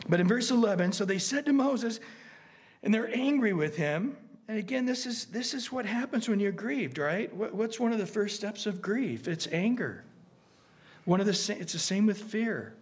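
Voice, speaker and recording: Pastor preaching in a raised voice. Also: male voice, fairly high pitch. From United States. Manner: earnest, animated, frequent restarts and asides. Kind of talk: conversational sermon.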